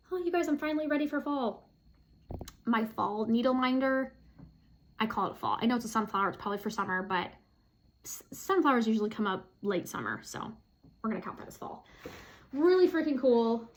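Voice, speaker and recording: A woman's voice: high voice, a bit bright. A woman vlogging casually to camera, chatty and self-deprecating, with frequent fillers and laughs. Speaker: flosstube vlogger.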